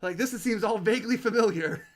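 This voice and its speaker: A man's voice: high voice, fairly quick. A man narrating as game master, loose and hesitant, with many fillers.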